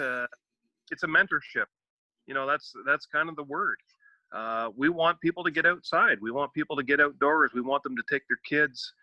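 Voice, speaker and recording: Earnest man with a bright, dull-toned sound. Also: mid-range voice, no room sound. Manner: earnest, halting, many fillers. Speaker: guest, outdoor mentor. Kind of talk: casual podcast chat.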